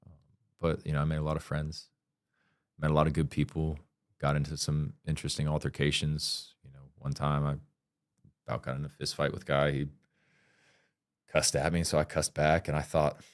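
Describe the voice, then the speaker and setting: A man's voice: extremely low pitch, monotone, normal speed, pauses often, no room sound, studio quality. A man speaking as a podcast guest in a casual interview, blunt and candid, swearing freely and talking with earnest emphasis.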